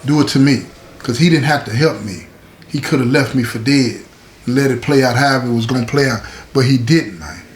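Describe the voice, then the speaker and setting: This show host talks a little fast in a medium-pitched voice, recorded in an echoey space with slight ambient noise. His storytelling is casual and chatty, peppered with "right?" and "you know what I'm saying."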